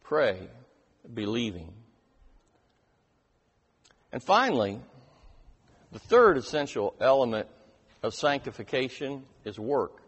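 A man preaching a sermon, reading scripture with strong emphasis and slowing down on key lines. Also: medium pitch, big pitch swings, husky. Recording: reverberant hall.

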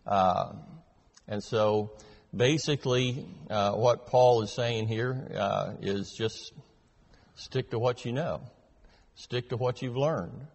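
A man leading a Bible class, teaching verse by verse in a measured way with frequent filler pauses. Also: medium pitch, long reverb tail. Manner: measured, hesitant with many fillers.

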